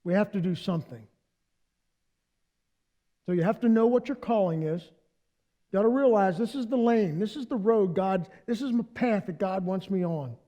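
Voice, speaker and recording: A male pastor preaching a sermon with a very high-pitched voice. He is animated and playful, and he speaks directly to the congregation, inviting them to join in. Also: moderate pace, pauses often, highs cut off.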